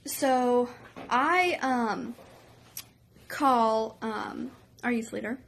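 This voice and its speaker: Female vlogger with a high-ish voice, excitable storytelling full of fillers. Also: drawn-out words, slight background noise. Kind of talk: storytime vlog.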